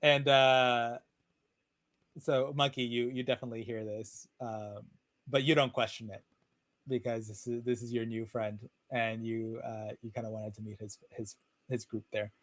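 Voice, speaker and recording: A man narrating as game master of a tabletop game, talking in a relaxed, rambling way with many fillers over a video call. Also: mid-range voice, normal speed, no room sound. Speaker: dungeon master.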